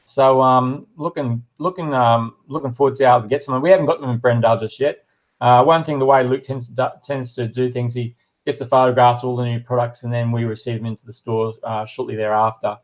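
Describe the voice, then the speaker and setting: A man's voice: mid-range voice, fairly even intonation, fairly quick, dull audio. A middle-aged Australian man hosting a casual live stream, reading viewer comments aloud and chatting with lots of ums and uhs. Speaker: livestream host and shop owner.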